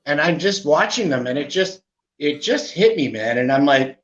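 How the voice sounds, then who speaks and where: A man's voice: fairly high pitch, moderate pace. Canadian man telling his story, muffled. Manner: animated, with frequent "right?" asides. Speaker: podcast guest. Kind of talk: candid storytelling. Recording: muffled lo-fi audio.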